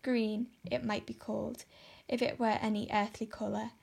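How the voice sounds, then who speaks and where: A woman narrating a classic novel in steady, measured storytelling. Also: fairly high pitch, creaky, slightly rough. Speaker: audiobook narrator. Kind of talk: scripted narration.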